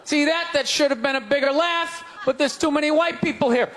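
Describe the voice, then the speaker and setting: A middle-aged man doing a stand-up comedy set, ranting in an exasperated way and breaking into sudden shouts, at a comedy club. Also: very high voice, fairly quick. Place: comedy club stage before a laughing crowd. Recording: live club recording, loud crowd laughter, noisy.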